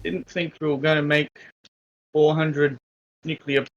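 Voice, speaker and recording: A man's voice: a little high, little pitch movement, measured pace, dull audio. Teasing man tossing in jokes. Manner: teasing, joking asides. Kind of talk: casual gameplay chat.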